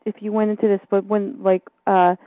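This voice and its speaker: A woman's voice: medium pitch, little pitch movement, fairly quick, no room sound, phone-quality sound. A woman hosting a radio interview, asking casual follow-up questions.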